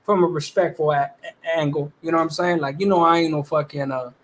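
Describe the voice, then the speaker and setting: Hosting a casual livestream, a man with a fairly high, fairly even voice talks fast in loose, laid-back slang. He swears freely and greets viewers one by one.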